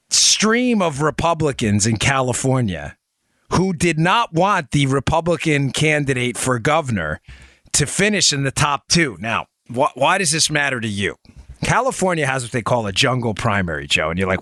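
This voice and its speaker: Animated male podcast host, dry studio. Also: normal speed, no echo. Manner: animated, conversational, swings between low asides and high emphasis. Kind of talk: political talk show with ad read.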